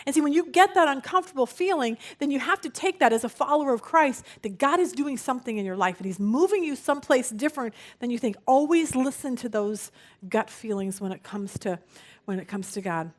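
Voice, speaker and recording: A middle-aged woman teaching a Bible study, telling stories in an animated way and acting out what people said. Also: high-pitched, brisk. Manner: animated, acts out quoted speech.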